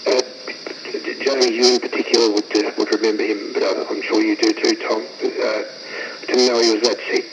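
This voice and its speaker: A man speaking in a measured, hesitant way on an amateur radio net. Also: on the low side, level tone. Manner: measured, hesitant, many pauses. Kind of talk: casual amateur radio chat. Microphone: ham radio transceiver mic. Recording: noisy radio transmission.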